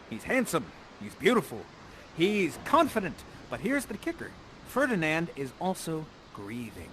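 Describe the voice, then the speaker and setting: A man's voice: a little high, fairly bright tone, slight background noise. A man leading an improvised drama game, directing players in a playful, theatrical, coaxing way.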